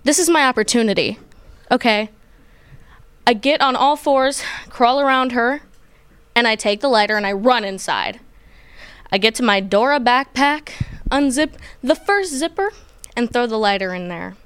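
A young woman telling a personal childhood story in an animated, playful way, acting out what people said. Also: fairly high pitch, moderate pace, long pauses, clear, resonant tone, dry recording. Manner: animated, playful, acts out quotes. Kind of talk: personal story told to a group.

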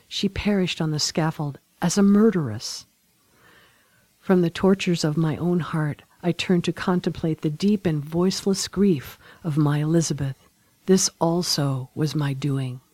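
A woman narrating a classic novel aloud in a solemn, measured, dramatic manner. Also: low voice, a little mellow, no room sound. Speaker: audiobook narrator.

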